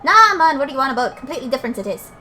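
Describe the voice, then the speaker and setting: Cheeky little Welsh fairy lad, put on by a woman, high-voiced and blunt, game sidekick. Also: sing-song, racing, sharp tone, faint music behind, exaggerated voice. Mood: explaining. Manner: chatty, blunt, folksy.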